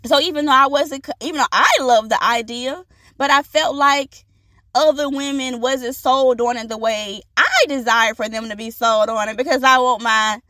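High-voiced woman hosting a motivational podcast. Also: normal speed, no room sound, studio quality. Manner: animated, preachy storytelling with lively quoted voices. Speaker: podcast host.

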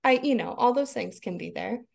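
A woman's voice: medium pitch, lively intonation, fairly quick, gravelly. A woman in her thirties, a podcast guest, talking casually and expressively, laughing often and acting out her own inner voice. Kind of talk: casual conversation.

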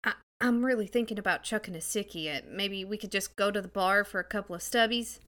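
A woman's voice: mid-range voice, fairly quick, a bit bright, slight background noise, natural voice. A woman voicing an adventurer who fakes a slangy Australian accent. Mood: bluffing. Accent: put-on Australian.

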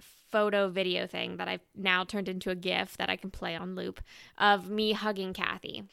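A woman in her twenties co-hosting a podcast, telling stories in an animated, emotional way with lots of "like". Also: lowish voice, normal speed, gravelly, clean tone, no echo, studio quality. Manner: animated, emotional storytelling full of "like". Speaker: podcast co-host. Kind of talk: casual chat.

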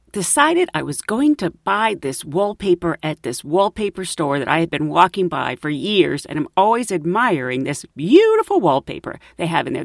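A woman tells a personal story in an animated, laughing way. Her pitch swings widely as she acts out the moments. The sound is dry and close. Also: no room sound. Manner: animated, self-deprecating, laughs often. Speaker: host telling a story. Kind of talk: casual storytelling.

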